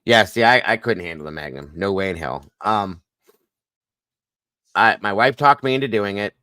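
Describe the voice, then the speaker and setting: A man hosts a casual live stream and tells his stories with animation and a bit of mild swearing. His voice sits low but comes across bright and forceful. The sound is dry and close. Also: normal speed, clear, resonant tone, no room sound. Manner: animated storytelling, swears lightly.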